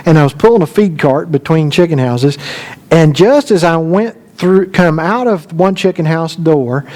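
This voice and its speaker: A middle-aged male preacher telling a folksy, animated story during a sermon. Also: on the high side.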